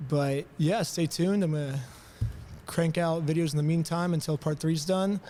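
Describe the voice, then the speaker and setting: A man who is sick talks to the camera in a low, quiet, near-whispered voice. His voice sits a little high, and there is a faint hiss behind him. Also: fairly even intonation, moderate pace. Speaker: video creator. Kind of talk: direct-to-camera commentary.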